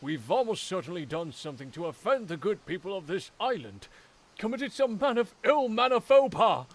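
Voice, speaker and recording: A man's voice: sits high, sing-song, moderate pace, voice pushed up, full character voice, poor audio. A man voicing a flamboyant, theatrical would-be detective in a put-on standard British accent, grandiose and wordy, for a game reading. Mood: smug.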